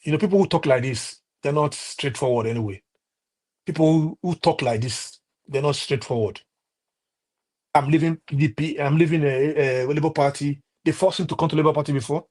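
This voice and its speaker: A man's voice: fairly high pitch, fairly quick, darkish tone. A man with a Nigerian accent delivering a heated, impassioned political rant on a live stream, repeating himself and restarting often. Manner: impassioned, repetitive, many restarts and fillers.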